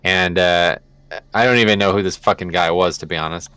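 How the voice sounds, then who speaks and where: Low-voiced man telling a rambling story. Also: fairly quick, pushed and bright, clear, resonant tone, dry recording. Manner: rambling, swears freely, lots of fillers. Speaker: livestreaming gamer. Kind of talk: casual storytelling chat while gaming.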